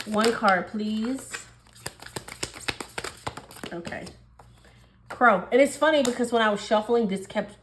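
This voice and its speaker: A woman's voice: mid-range voice, echoey room, background noise. A woman giving a casual tarot reading in a chatty way. She laughs often and acts out little dialogues. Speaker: tarot reader.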